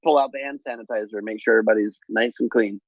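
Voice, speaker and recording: A man's voice: lowish voice, fairly even intonation, racing, vocal fry, no room sound. A man adding dry joking asides in casual chat, over dull dry lo-fi audio.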